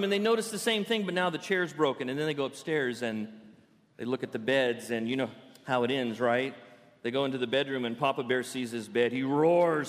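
A man's voice: mid-range voice, fairly quick. Playful preacher man in a reverberant church. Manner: playful, animated storytelling preacher. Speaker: pastor. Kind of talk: sermon. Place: church sanctuary.

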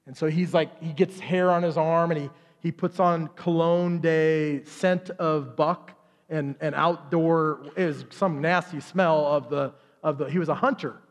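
A pastor preaching a sermon in church, retelling the story with lively asides and briefly acting out each character in quick voices. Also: male voice, on the high side, in a large hall. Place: church sanctuary.

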